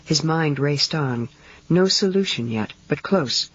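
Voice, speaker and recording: A narrator giving a steady, measured reading of a novel. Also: medium pitch, slightly rough, no echo. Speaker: audiobook narrator. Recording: dull lo-fi 1970s audiobook tape.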